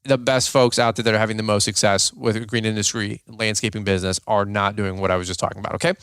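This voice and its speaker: Casting note: male host, blunt and animated, smooth clear voice, dry close recording. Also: on the low side, fast talker, no room sound. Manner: blunt, animated, repeats points with fillers. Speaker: podcast host, lawn business owner. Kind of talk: casual advice talk.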